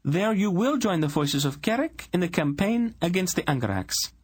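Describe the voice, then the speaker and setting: A man's voice: sits high, lively intonation, normal speed, husky, voice pushed up. A man voicing a stern young queen who gives cold, clipped royal commands. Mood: icy command.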